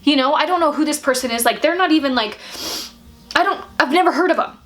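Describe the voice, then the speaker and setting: Woman, vlogger, animated, chatty, fairly high voice, talks to camera. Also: fast talker, soft background music. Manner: talks straight to viewers. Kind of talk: casual storytime vlog.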